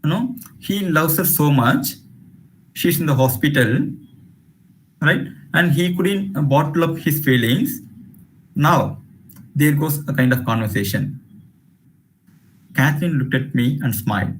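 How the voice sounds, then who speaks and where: A man's voice: a little high, big pitch swings, unhurried, pauses often, a little hiss or hum. A man giving an online literature lecture, hesitating often with fillers. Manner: hesitant, many fillers, reads passages aloud. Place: home room on a video call. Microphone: video call.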